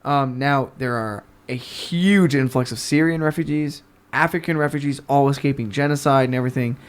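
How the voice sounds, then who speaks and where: A man's voice: medium pitch, normal speed, smooth. A young man from the New York area, a podcast guest telling a story in casual talk, swearing and acting out the people in it. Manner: animated, swearing, acts out voices in his stories.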